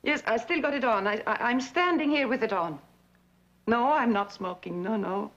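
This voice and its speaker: An actress playing an abandoned woman on the phone to her lover, halting and soft-spoken as she insists she is calm. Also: a little high, lightly acted. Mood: tender. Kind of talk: dramatic monologue, one side of a phone call. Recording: dull lo-fi recording.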